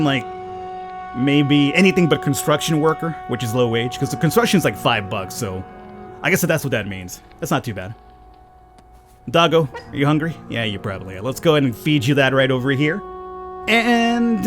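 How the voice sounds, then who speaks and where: A man with a low voice giving rambling, casual commentary on a game he is playing, and chatting to the characters on screen. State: panicked, high and urgent. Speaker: let's play gamer.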